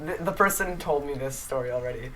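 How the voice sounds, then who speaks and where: A woman's voice: a bass voice, quick pace, a crowd in the background, low-quality recording. A woman on a casual podcast, playfully reading out stories and adding dry jokes. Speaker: podcast guest reading the game prompts.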